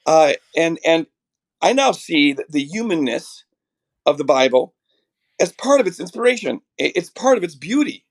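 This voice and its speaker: A middle-aged man with a raspy voice from a chest cold, earnestly explaining theology as a podcast guest, restarting his sentences often. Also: fairly high pitch, big pitch swings, moderate pace. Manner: earnest, builds ideas with many restarts.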